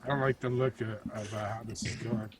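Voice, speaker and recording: A man's voice: on the low side, steady tone, fairly quick, crowd noise. A man playing a tabletop game, wisecracking in a casual chat. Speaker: player.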